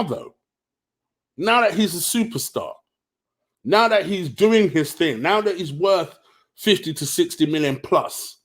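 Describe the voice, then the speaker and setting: A man ranting in a late-night football vlog, heated, profane and sarcastic. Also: high-pitched. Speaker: football vlogger.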